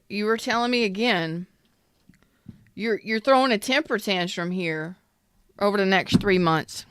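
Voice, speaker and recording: A woman hosts a casual live-streamed tarot reading, speaking in a smooth, clear voice. She talks bluntly, swears now and then, and greets viewers by name. The sound is dry and close, with little room echo. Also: mid-range voice, a bit bright. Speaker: tarot reader.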